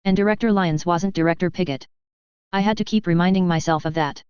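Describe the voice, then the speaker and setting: Brief: woman storyteller, lowish pitch, lo-fi dull recording, steady narration. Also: a little fast, smooth, no echo. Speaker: reader. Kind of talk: audiobook reading of fan fiction.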